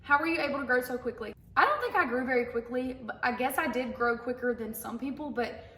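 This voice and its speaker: Speaking to camera in a relaxed Q&A, a young stay-at-home mom who creates content fields viewer questions in a quick, chatty, candid way. Her voice sits high and a bit bright, in an echoey room.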